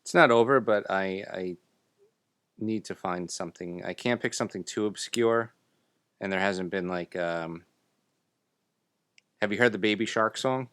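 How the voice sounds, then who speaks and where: A man's voice: fairly low pitch, unhurried, pauses often, fairly bright tone, smooth, no room sound. A man co-hosting a podcast, laid-back and teasing, reading listener emails. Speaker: podcast co-host. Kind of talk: casual chat.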